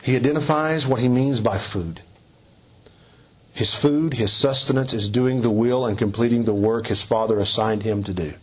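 A man preaching an expository sermon in a measured, earnest teaching manner, often dropping soft for emphasis. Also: medium pitch, muffled recording.

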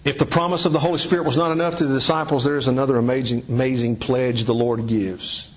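A man preaching a sermon in an earnest, exhorting way, dropping low and rising to high emphatic peaks. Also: steady tone, fast talker. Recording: dull lo-fi recording.

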